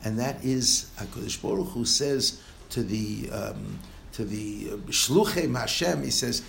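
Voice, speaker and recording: A male rabbi gives a Torah lecture in a gravelly, medium-pitched voice at an unhurried pace. He's animated, climbing to exclamations, drifting into soft asides and sometimes laughing. The room is echoey with faint noise.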